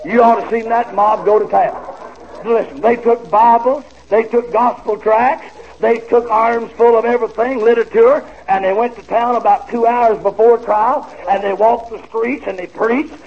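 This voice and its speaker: Folksy preacher telling a story. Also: male voice, extremely high pitch, moderate pace. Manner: folksy, animated storytelling with laughter and drawled asides. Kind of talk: storytelling sermon. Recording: dull old radio-style recording with faint hiss.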